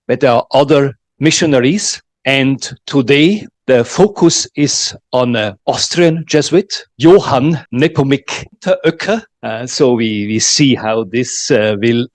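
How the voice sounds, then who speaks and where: A man hosting a public forum and formally introducing the guest speaker in a measured, slightly halting way. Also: mid-range voice, no room sound.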